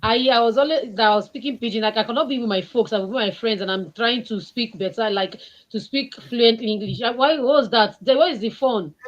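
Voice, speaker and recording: A woman with a Nigerian accent co-hosting a casual panel chat, lively and opinionated. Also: on the high side, a little fast, few pauses, dull audio. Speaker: co-host.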